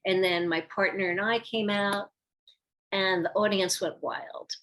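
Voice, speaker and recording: Speaking a little slowly at medium pitch, a former ballet dancer, now an older woman, recounts her career in a relaxed interview. She animates her stories by acting out quoted lines, with slight background noise behind her.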